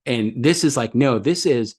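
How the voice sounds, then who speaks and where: A man's voice: medium pitch, moderate pace, darkish tone. A man co-hosting a podcast, chatting casually about a film in a rambling way with lots of restarts. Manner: rambling, many fillers and restarts. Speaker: podcast co-host.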